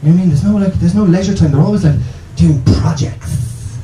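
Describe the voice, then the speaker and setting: A man's voice: sits high, racing, mellow, echoey room, slight background noise, low-quality recording. An Irish man in his thirties doing a rambling, self-interrupting stand-up comedy set in a small bar venue. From Ireland.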